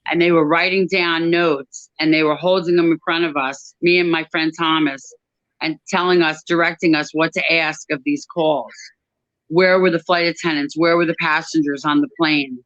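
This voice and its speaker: A woman giving a personal testimony about her work at an airline crew desk, talking in a halting way with many pauses and restarts. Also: low-pitched, fairly even intonation, a bit bright, no echo, dull audio.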